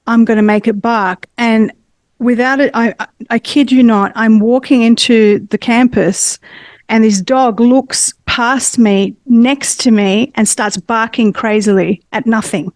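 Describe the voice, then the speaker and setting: A woman hosting a conversation, telling a personal story in an earnest, animated way. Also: a little high, unhurried, dry recording, clean studio sound. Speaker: host.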